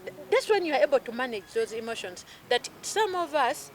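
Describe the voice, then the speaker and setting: A woman in her thirties with a Ugandan accent talks as an emotional healing coach in lively, animated casual chat. She switches freely between English and Luganda phrases, and her voice sits a little high. A faint hiss of noise runs underneath. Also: a little fast.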